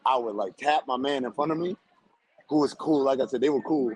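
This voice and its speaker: A young man co-hosting a podcast, telling an animated story in casual chat and laughing often. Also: medium pitch, brisk, slightly rough, poor audio. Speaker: podcast co-host.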